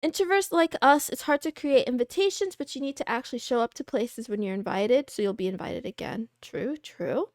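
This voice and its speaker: A young woman with a fairly high voice chats casually on her livestream, reading and answering viewer questions. She rambles softly, teases herself, and drifts into little playful noises. Her voice sits close and dry on the mic, with no room around it. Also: expressive, fairly quick, hardly any pauses, no echo. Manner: soft, rambling, self-deprecating with giggles and "wah" noises.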